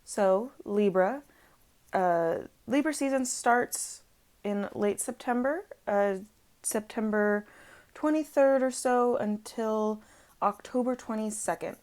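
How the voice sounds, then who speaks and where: A woman's voice: on the high side, slow, darkish tone. A woman reading tarot in a chatty, rambling way, full of fillers and self-corrections, at home with her dog on her lap. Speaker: tarot reader. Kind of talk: casual chat.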